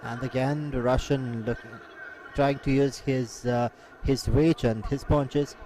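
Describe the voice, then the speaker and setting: Halting male fight commentator. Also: mid-range voice, fairly even intonation, mellow, poor audio. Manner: frequent "uh" fillers, halting delivery. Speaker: sports commentator.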